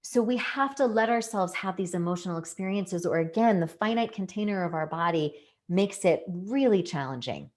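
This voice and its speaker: A woman's voice: lowish voice, expressive, normal speed, few pauses, darkish tone. A woman giving an educational talk, explaining things earnestly and leaning on key words for emphasis. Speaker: presenter.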